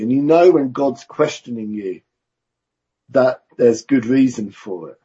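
A man delivers a sermon at an unhurried pace, in a very husky, breathy voice. He speaks in a measured, conversational way, with easy self-aware asides. The recording sounds dull and lo-fi. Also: medium pitch, warm tone. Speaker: preacher.

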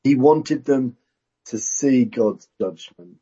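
A man preaching a sermon in a church, measured and conversational with self-aware asides. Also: medium pitch, heavy background noise. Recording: dull lo-fi recording.

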